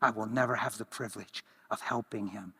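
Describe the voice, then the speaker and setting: A man preaching a sermon in a church, talking in an animated way, swinging from loud exclamations to hushed near-whispers. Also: on the low side, fairly quick, creaky, breathy edge. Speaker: pastor. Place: church hall. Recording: reverberant church hall.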